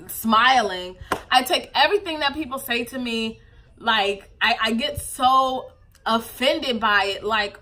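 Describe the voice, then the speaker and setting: Emotional young woman with a bright voice. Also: on the high side. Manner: emotional, tearful at times, candid, lots of fillers. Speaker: vlogger, new mother. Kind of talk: casual confessional vlog.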